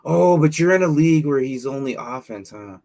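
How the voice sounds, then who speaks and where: His voice is on the high side, gravelly and dark in tone, expressive and a bit fast. This man hosts a casual live stream on fantasy football, reading viewers' questions and thinking out loud with many fillers and repetitions.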